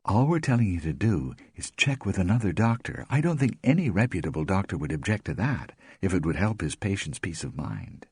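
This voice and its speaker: A man voicing Elise, a calm and reasonable woman friend, speaking soothingly in a raised voice. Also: deep voice, a little fast, few pauses, slightly rough, dry recording, studio quality, voice pushed up, heavily acted. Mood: concerned.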